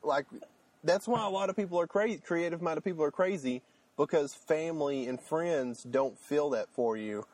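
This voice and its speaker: A man's voice: fairly high pitch, normal speed, darkish tone, dry recording. Guy cohosting a podcast, rambly, lots of uhs and restarts, dry close sound. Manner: rambling, many fillers and restarts. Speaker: podcast co-host. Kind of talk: casual chat.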